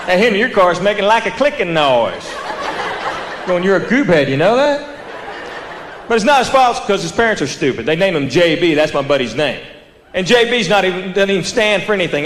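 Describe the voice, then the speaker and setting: A man with a Southern American accent doing a stand-up comedy routine, telling drawling stories and laughing at his own punchlines. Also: sits high. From United States. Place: theater stage before a live audience. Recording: roomy theater with audience laughter and background noise.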